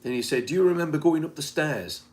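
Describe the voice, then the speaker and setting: A man's voice: on the high side, quick pace. A man from Britain in casual chat, reading back notes from a session in a conversational way. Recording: faint background noise.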